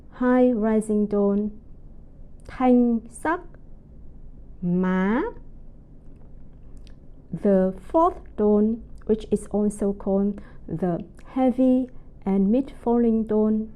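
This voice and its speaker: A woman teaching a pronunciation lesson, speaking slowly and carefully and drawing out her example syllables. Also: medium pitch, narrow, tinny audio. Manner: slow, careful enunciation with drawn-out example syllables. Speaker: language teacher. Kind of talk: slow, deliberate pronunciation lesson.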